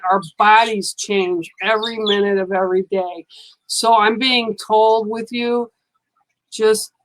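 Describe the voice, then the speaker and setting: A woman's voice: mid-range voice, rough recording. A woman giving a psychic card reading on a live stream, speaking in a soothing, reassuring way and often checking in with "okay".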